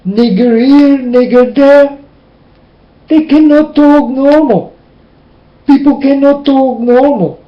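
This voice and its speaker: A man's voice: extremely high pitch, takes it slowly, long pauses. A man delivering a preachy, scolding monologue to his listeners, with emphatic, plain and slightly non-standard phrasing. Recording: roomy, dull lo-fi recording.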